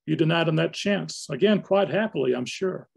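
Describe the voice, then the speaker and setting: A man's voice: fairly high pitch, expressive, normal speed, creaky, slightly rough, voice pushed up, heavily acted. A man reading aloud as a hard-edged noir detective who speaks bluntly and accusingly.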